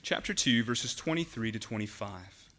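A man preaching a sermon to his congregation, earnest and emphatic, slowing down and dropping his voice on the words he wants to stress. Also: on the low side, lively intonation. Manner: earnest, emphatic, slows and drops to a hush for key words. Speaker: pastor.

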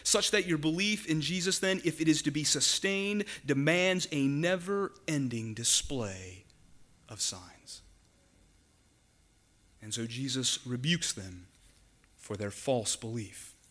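A man preaching in a church with a clear, bright, somewhat high voice. He is earnest and emphatic, and he lets his voice sink low and slow to drive home a point. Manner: earnest, emphatic, slows and drops to a hush for key words. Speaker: pastor. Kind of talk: sermon.

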